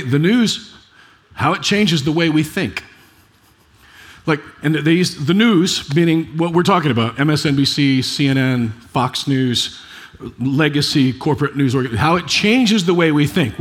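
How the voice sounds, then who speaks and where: Brief: middle-aged male pastor, mid-pitched, casual preaching with "right?" asides. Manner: chatty, rhetorical asides, frequent restarts. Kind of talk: conversational sermon.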